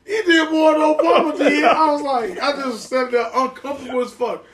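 High-voiced man telling a profane story. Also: steady tone, moderate pace, far from the mic, a loud crowd. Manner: laid-back, profane storyteller. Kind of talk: casual chat, storytelling.

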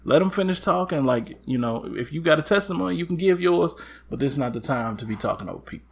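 A man co-hosting a casual chat, telling stories with lively acted-out quotes and laughter. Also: mid-range voice, fast talker, gravelly, slight background noise. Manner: animated, acts out quotes with loud jumps and laughs. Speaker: podcast co-host.

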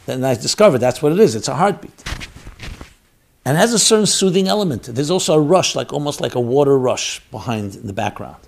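A man giving a sermon, swinging between loud exhortation and quiet storytelling. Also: medium pitch, animated, fairly quick, creaky.

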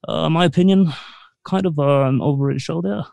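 Man doing a gravelly, rambling late-night host. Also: a little high, warm tone, no echo, rough recording. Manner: says "okay" after nearly every phrase, halting; breaks into off-key song snippets. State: short of breath. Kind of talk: comedy bit.

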